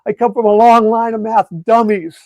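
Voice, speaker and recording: A man's voice: high voice, little pitch movement, moderate pace, a little mellow, dry recording, lo-fi sound, voice pushed up, lightly acted. A man voicing a discouraged boy who insists he cannot do math, blurting it out in a defeated way. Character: discouraged schoolboy, sure he can't do math.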